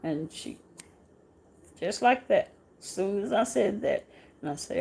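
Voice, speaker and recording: A middle-aged woman hosts a casual live chat in an unhurried, halting way, circling back over her own words. Her voice has a gravelly edge and a dark, mellow tone. Her pitch moves a lot as she talks. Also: lively intonation, slight background noise. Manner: halting, repeats words, speaks softly and slowly. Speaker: show host.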